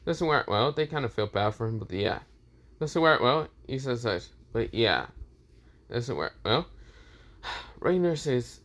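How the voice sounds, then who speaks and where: A man's voice: mid-range voice, expressive, fairly quick, a bit bright. A man casually narrating a fan story, rambling and leaning on the same fillers again and again. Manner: rambling, repeats fillers often.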